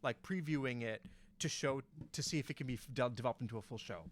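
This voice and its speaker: A man's voice: mid-range voice, fast talker, slight background noise. A young man casually telling a story on a podcast, rambling with lots of fillers and restarts. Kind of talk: casual chat.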